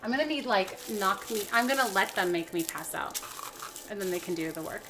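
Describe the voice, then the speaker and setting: Chatty and rambling, this young cooking livestream host keeps restarting and dropping fillers as she talks casually. Her mid-range voice sounds animated and fairly quick against a noisy background and faint music.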